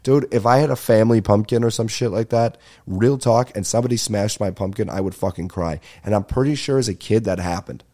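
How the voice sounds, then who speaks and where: A young man with a deep, mellow voice hosts a comedy podcast. He tells long, winding stories thick with swearing, fillers and sudden tangents. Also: a little fast, few pauses. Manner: profane, meandering, lots of fillers and asides. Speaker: podcast host. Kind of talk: rambling comedic storytelling.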